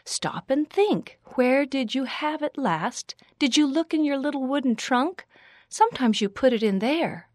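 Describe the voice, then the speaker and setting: A woman doing a calm, motherly little girl. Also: medium pitch, no room sound, studio quality. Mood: soothing. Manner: calm, soothing, slow. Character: sensible young pioneer girl, motherly and calm.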